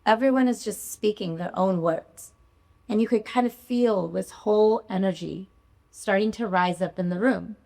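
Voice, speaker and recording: A woman doctor tells a personal story on stage, confessional and emotional. Her pitch sits in the middle range. Her phrasing is vivid and heartfelt. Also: normal speed, gravelly, mellow. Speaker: physician telling a live story. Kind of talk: live storytelling performance.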